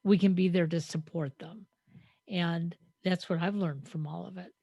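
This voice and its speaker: A woman's voice: on the low side, fairly even intonation, moderate pace, mellow, breathy edge, no echo. A woman co-hosting a podcast, reflective and storytelling with frequent hesitant fillers. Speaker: podcast co-host. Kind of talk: conversational podcast talk.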